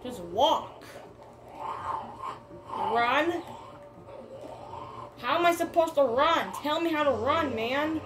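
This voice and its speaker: A woman giving let's play commentary, excitable and repetitive, calling everyone "bro" and "man" and shouting at the screen. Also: high voice, slow pace, long pauses, background noise. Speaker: gamer.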